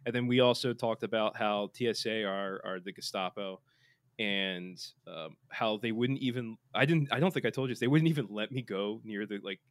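A man's voice: on the low side, moderate pace, smooth. A man co-hosting a podcast in casual chat, joking and playful, reading listener messages aloud. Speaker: podcast co-host.

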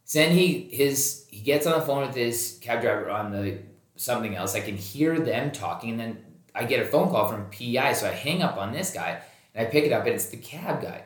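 Animated man telling a story, roomy echo. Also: mid-range voice, normal speed. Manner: animated, acts out quoted dialogue, swears freely. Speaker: podcast host. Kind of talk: casual storytelling. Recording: roomy echoey recording.

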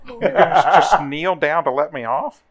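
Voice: medium pitch, sing-song, measured pace. A player voicing a small, cold, cheeky gnome adventurer in a tabletop game, breezy and joking about a tiny chilled body. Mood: cheeky, put-upon. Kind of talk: tabletop role-play in character.

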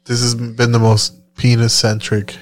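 A man's voice: mid-range voice, completely flat delivery, unhurried. A man hosting a podcast, chatting loosely, laughing often and swearing casually. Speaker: podcast host.

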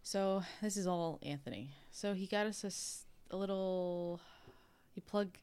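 A woman's voice: medium pitch, a little slow, a little mellow, clean tone. A woman co-hosting a podcast in casual chat, rambling and laughing often at herself. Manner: giggly, rambling, self-deprecating. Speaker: podcast co-host.

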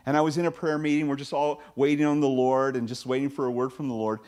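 Male pastor with a mid-range voice, preaches conversationally, pops into high asides. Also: flat delivery, quick pace, darkish tone. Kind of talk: sermon.

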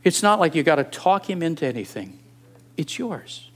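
A man in his sixties preaches with a slightly high voice that leaps around in pitch. He speaks emphatically and presses his listeners with rhetorical questions. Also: big pitch swings, moderate pace. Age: 60s. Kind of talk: sermon.

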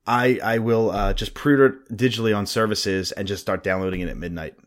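A man co-hosting a casual podcast, ranting as he tells a story with animated frustration. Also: fairly low pitch, fairly quick. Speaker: podcast co-host. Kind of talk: casual chat.

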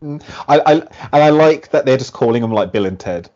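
Rambling co-host full of "like"s. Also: male voice, mid-range voice, brisk, lo-fi sound. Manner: rambling, filler-heavy, animated. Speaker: podcast co-host. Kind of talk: casual podcast chat.

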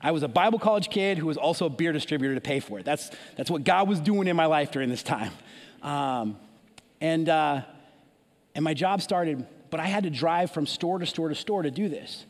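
A man preaching a sermon as an animated story, with frequent restarts and asides. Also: fairly high pitch, fairly quick, big-room sound.

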